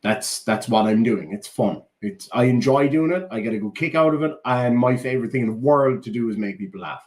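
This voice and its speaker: A man's voice: medium pitch, brisk, a little mellow. A man in his thirties, a YouTuber sarcastically rebutting a critic in a casual rant. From Ireland. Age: 30s.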